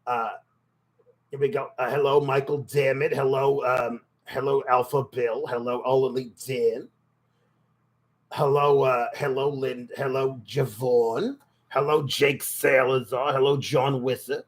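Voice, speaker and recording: A man voicing a throaty, gushing older woman with eight husbands during live stream commentary, warmly greeting viewers by name. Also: mid-range voice, level tone, measured pace, natural voice.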